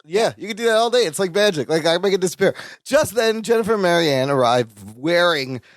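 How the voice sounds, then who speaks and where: A man's voice: sits high, lively intonation, fairly quick, no echo. A man co-hosting a sitcom rewatch podcast, recapping scenes with enthusiasm and laughing often. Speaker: podcast co-host. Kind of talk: casual podcast recap chat.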